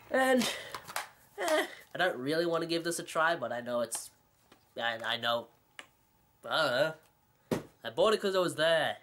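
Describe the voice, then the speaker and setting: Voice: mid-range voice, slight background noise. A video game collector talking through recent purchases in a casual, rambling vlog, full of sarcastic jokes and self-mocking asides. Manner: rambling, joking and sarcastic, with frequent laughs.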